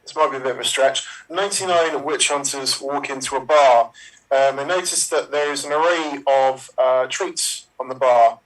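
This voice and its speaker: A man's voice: medium pitch, normal speed, poor audio. A man in an improv game telling joke setups hesitantly, stopping to correct himself. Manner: hesitant, with ums and self-corrections. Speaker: improv performer.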